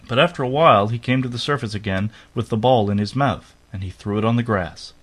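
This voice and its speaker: A man narrating a fairy tale aloud in a steady, unhurried storytelling manner. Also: medium pitch.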